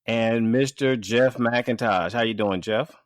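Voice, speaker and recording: A man hosting a casual podcast speaks slowly in a mid-range voice on a close mic, with a dry recording. He rambles hesitantly, restarting sentences and trailing off.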